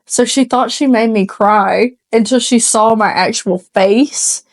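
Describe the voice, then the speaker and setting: A woman's voice: a little high, a little slow, no room sound. A woman co-hosting a casual podcast, telling rambling stories with lots of laughter and casual swearing. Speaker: podcast co-host.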